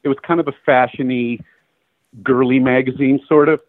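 Animated middle-aged man, tinny phone line. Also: mid-range voice, fairly quick, no echo. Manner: animated storyteller acting out quoted dialogue, laughing. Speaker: guest photographer. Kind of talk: casual storytelling interview.

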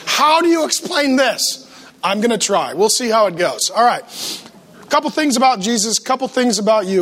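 A man preaching a humorous sermon to a church congregation, playfully acting out the voices he quotes. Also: sits high. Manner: animated, talks to the congregation.

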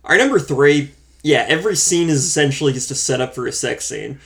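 A man co-hosting a casual movie review chat, relaxed and wry as he counts off his points. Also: mid-range voice, a little fast, vocal fry. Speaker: podcast co-host reviewing a film.

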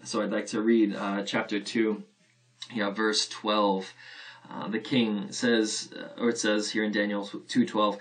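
A man's voice: on the low side, little pitch movement, measured pace, far from the mic, low-quality recording. A man preaching a sermon as a pastor, earnest and conversational, posing rhetorical questions to his listeners.

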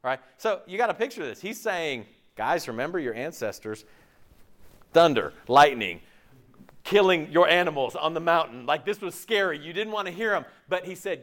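A man preaching with a fairly high voice. He keeps it casual and conversational, cracking jokes. He often turns to the congregation with questions. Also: moderate pace. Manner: lively, conversational, joking with the congregation; asks the audience frequent questions. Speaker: pastor. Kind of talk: sermon.

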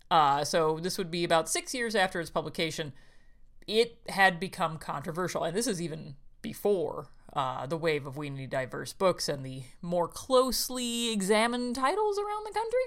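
A woman hosting a podcast, chatting casually about a picture book, laughing often and reading quotes aloud. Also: lowish voice. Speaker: podcast host.

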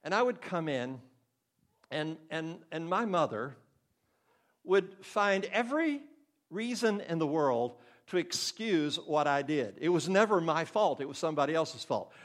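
A man's voice: on the high side, lively intonation, unhurried. An older man preaching a sermon in an earnest, conversational way, now and then acting out the voices of the people in his stories.

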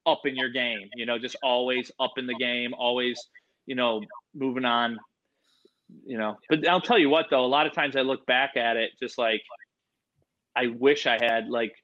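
A man who breeds reptiles, telling stories in casual chat with lots of fillers and swearing, getting animated. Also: medium pitch, normal speed, highs cut off.

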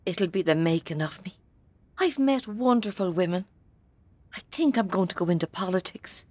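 A woman's voice: fairly low pitch, expressive, moderate pace, a little mellow. An actress in her seventies with an Irish accent playing a fierce, defiant grandmother in prison. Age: 70s. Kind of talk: film drama acting.

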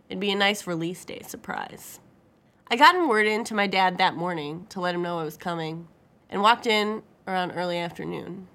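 A woman's voice: on the low side, sharp tone, slight background noise. A woman narrating a first-person story with a wry, dry humor.

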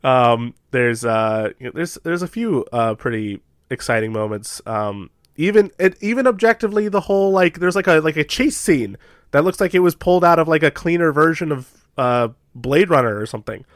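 A young man co-hosting a podcast, talking in an animated, casual way and laughing often. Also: fairly high pitch, normal speed, no echo, studio quality. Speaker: podcast co-host. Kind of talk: casual chat.

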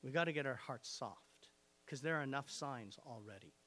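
A pastor with a mid-range, bright and forceful voice preaches a sermon with energy and emphasis, speaking animatedly at normal speed. He reads scripture and asks his listeners direct questions.

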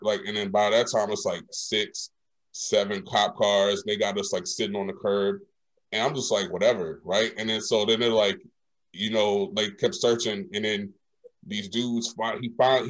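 A young man telling a story in casual chat, animated and slangy, acting out the lines of the people in it. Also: fairly low pitch.

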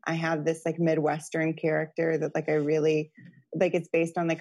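Woman, casual talk, slightly low pitch, chatty, lots of fillers. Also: monotone, moderate pace, a little mellow. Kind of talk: casual chat.

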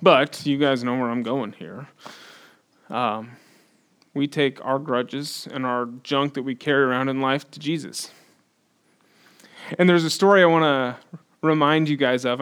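Man, pastor, sermon, conversational, slightly high-pitched, emphatic peaks. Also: smooth.

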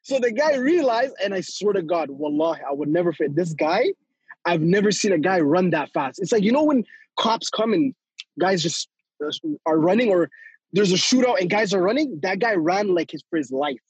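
High, husky young man telling stories. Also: moderate pace, no room sound, lo-fi sound. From Toronto, Canada. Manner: animated, laughs often, acts out quotes. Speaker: guest storyteller. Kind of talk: casual podcast storytelling.

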